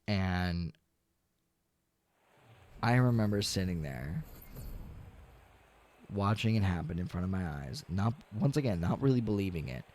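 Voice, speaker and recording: A man streaming a game, talking casually and ranting with lots of swearing, dropping to low mutters and rising to loud outbursts. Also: lively intonation, measured pace, long pauses. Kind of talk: casual gaming stream chat.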